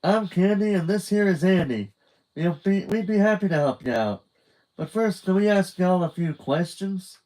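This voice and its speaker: A man's voice: high-pitched, lively intonation, moderate pace, darkish tone, pitched above the performer's own voice, low-quality recording. A man voicing a chirpy, eager woman survey taker with a twangy North Dakota accent. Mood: cheerful. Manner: eager, cheerful.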